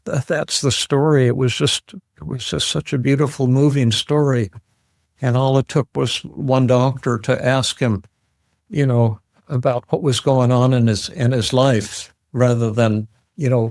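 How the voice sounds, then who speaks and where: An older man recounts a story in a plain, unhurried voice, circling back and repeating words as he looks for the next phrase. His voice sits at an ordinary middle pitch. The recording is very dry, with no room sound at all. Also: a little mellow, no echo. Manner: halting, repeats words, restarts often. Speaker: psychiatrist telling a story. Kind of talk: conversational storytelling.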